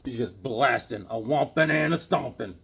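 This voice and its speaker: A man's voice: medium pitch, normal speed, vocal fry, a bit bright, husky. Laid-back slangy man showing comics. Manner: laid-back slang-heavy chatter, calls viewers man and dude. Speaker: comic book collector. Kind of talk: casual comic haul vlog.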